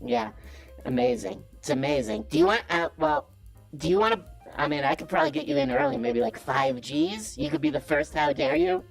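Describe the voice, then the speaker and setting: Heavily acted, creaky and fairly quick, this voice swings hugely in pitch over soft background music. It's a caller's comedic impression, on a call-in show, of a boastful self-styled male business guru who comes across as smug, cocky, evasive and defensive.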